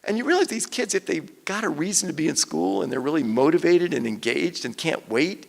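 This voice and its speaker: An older man, an author and guest speaker, telling stories on stage and quoting people in lively voices. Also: a little high, brisk, vocal fry. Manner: animated storyteller, quotes people in lively voices. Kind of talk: conversational stage talk. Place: event hall with audience. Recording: long hall reverb.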